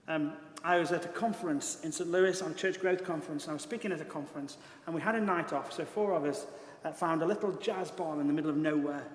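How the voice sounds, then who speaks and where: A British man preaching a sermon as pastor, telling a story in an earnest, emphatic way. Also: fairly high pitch. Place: large church hall. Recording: echoey church hall.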